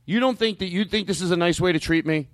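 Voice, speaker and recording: A man's voice: high voice, fast, no room sound. A man hosting a comedy podcast, talking defensively and sounding flustered. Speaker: podcast host.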